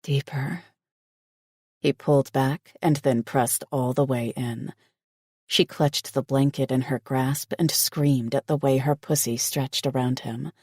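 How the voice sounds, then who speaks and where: A man reading a romance audiobook in scripted narration, slow and steady. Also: medium pitch, no echo, clean studio sound.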